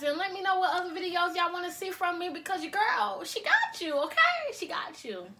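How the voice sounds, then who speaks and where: High bright-voiced chatty young woman vlogger. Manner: chatty, addresses viewers as y'all, repeats okay. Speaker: mukbang vlogger. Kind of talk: casual chat to viewers. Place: her bedroom. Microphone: cell phone.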